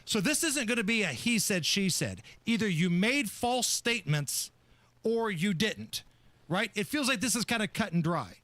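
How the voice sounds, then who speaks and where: A man's voice: high-pitched, animated, normal speed, sharp tone, no echo. A male radio talk show host giving sarcastic, opinionated commentary and laughing often, speaking into a studio microphone.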